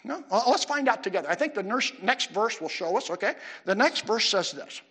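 A male pastor delivers a sermon in a high, lively voice with a slightly husky edge. He swings his pitch widely and keeps asking questions of the congregation. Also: fairly quick. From United States. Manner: animated preaching, questions to the audience.

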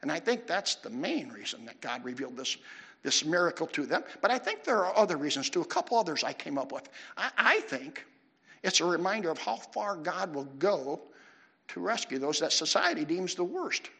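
A man preaching a sermon with animated delivery, putting questions to his listeners. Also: on the high side, normal speed, creaky, breathy edge. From United States. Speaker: pastor.

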